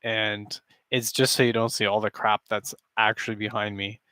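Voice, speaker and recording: A man's voice: on the low side, flat delivery, normal speed, pushed and bright, dry recording, clean studio sound. Joking man streaming from his basement. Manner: rambling, joking, chuckles often. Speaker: live streamer. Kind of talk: casual chat with stream viewers. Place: basement room with a cardboard backdrop.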